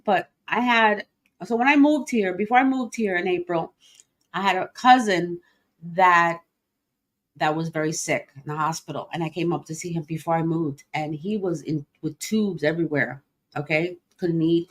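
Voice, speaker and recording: A middle-aged woman hosting a livestream podcast, talking openly and emotionally, with many fillers and restarts. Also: mid-range voice. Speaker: podcast host. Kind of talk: personal livestream talk.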